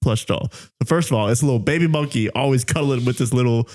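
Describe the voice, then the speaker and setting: A man's voice: medium pitch, quick pace, a little mellow. A man co-hosting a podcast in casual chat, telling stories with lots of fillers and frequent laughter. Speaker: podcast co-host.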